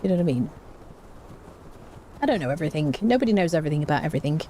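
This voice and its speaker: A woman's voice: low-pitched, lively intonation, rapid-fire, warm tone, slight background noise. A woman streaming a game live, chatting casually with her viewers and humming little tunes to herself.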